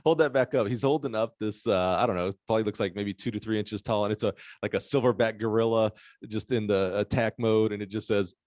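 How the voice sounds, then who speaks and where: A man's voice: lowish voice, a little fast, a little mellow, dry recording, studio quality. A man hosting a podcast interview, attentive, describing an object his guest holds up. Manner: attentive, brief affirmations, describes what is shown. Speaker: podcast host. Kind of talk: casual interview.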